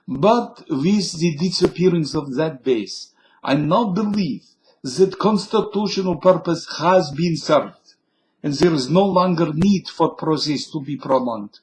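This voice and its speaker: A man's voice: on the high side, darkish tone, rough recording. A man reading a formal resignation speech in a put-on Russian accent, dropping his articles.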